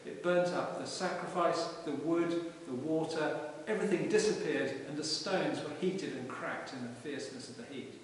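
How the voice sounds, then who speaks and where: A man preaching a relaxed, conversational sermon in a parish church, retelling stories informally with frequent restarts. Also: a little high, moderate pace. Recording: echoey church hall from far off with hiss.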